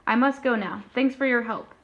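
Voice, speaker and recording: A woman voicing a brisk, commanding queen in a storybook reading, speaking loudly and firmly. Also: a little high. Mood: regal. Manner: loud, firm. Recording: dull lo-fi recording.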